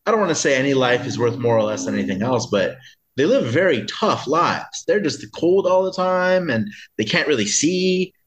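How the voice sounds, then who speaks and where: A man's voice: medium pitch, very animated, moderate pace, crowd noise. A man guest on a casual podcast, rambling and hedging as he explains things. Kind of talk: casual chat.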